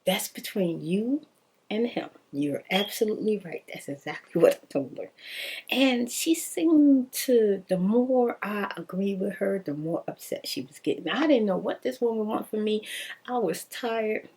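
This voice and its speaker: A woman casually telling a personal story in an animated, slangy way, laughing often. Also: medium pitch, measured pace, husky.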